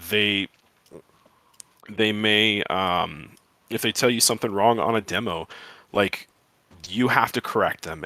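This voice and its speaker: Guy rambling about his sales engineer job, lots of um and like, bright kinda forceful voice. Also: on the low side, dry recording. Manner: rambling, lots of fillers and restarts. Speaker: cyber security sales engineer. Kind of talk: casual talk to camera.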